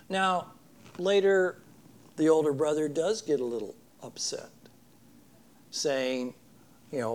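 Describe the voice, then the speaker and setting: A man preaching a sermon with an earnest, storytelling delivery. His voice sits a little high for a man. He acts out the people in the story and drops to a softer tone to stress a point. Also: expressive, unhurried, long pauses. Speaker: pastor.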